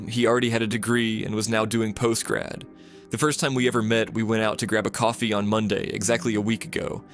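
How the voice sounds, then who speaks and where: A man reading first-person stories aloud as scripted narration, in a steady, flat reading manner. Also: fairly low pitch. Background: music.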